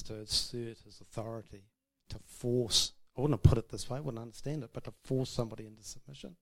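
A man's voice: mid-range voice, steady tone, a little fast, gravelly, few pauses. A man giving an informal, self-deprecating testimony about marriage to a church audience, laughing often. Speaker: speaker sharing about marriage.

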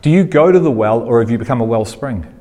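A man preaches a sermon at a middle pitch. He keeps putting questions to his listeners and repeats his key words. The hall behind him rings with a long reverb. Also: fast talker. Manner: animated preaching, rising in pitch when fired up; asks the audience questions, repeats phrases.

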